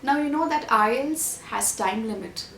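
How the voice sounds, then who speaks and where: A woman's voice: on the high side, expressive, a little fast, gravelly, fairly bright tone, reverberant, a little hiss or hum. A woman giving a scripted online exam-prep lesson, listing tips and repeating key points. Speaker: IELTS tutor.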